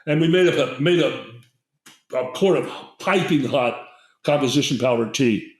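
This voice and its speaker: A man's voice: medium pitch, lively intonation, moderate pace, roomy sound, low-quality recording. An older man, a guest herbalist, telling a long, digressive story in a casual interview and acting out the people in it. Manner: rambling, digressive storyteller who acts out quotes.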